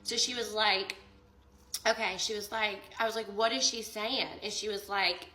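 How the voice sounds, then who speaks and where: A woman's voice: mid-range voice, steady tone, normal speed, pushed and bright, echoey room, rough recording. A young woman telling an emotional personal story in a casual vlog, quoting both sides of a conversation and saying "like" a lot. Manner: tearful and emotional near the end. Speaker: vlogger.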